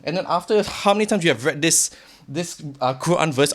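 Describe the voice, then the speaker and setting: A young man giving a blunt, profane motivational rant to the camera, swinging from quiet to shouting. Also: fairly high pitch, fairly quick. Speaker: vlogger.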